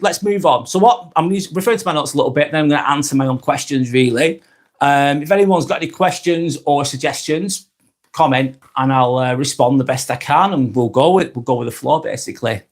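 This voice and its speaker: Hosting a live stream at normal speed with a voice on the high side, this man speaks in a Lancashire accent, being from Blackburn in northwest England. The casual monologue wanders reflectively, with frequent restarts and self-corrections.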